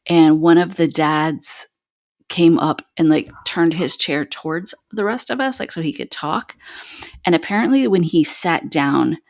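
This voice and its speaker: A woman with a deep, low voice tells her own story with raw, unpolished candor, often pausing on "um" and "like." She sounds close and dry on a podcast microphone, with no room around her. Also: no room sound. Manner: raw, earnest, frequent "like" and "um". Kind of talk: candid personal storytelling.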